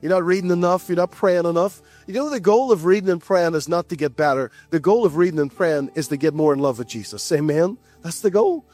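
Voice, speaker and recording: A man's voice: fairly high pitch, animated, brisk, few pauses, a little mellow, soft background music. A man preaching a sermon to a church, earnest and conversational, repeating his key phrases.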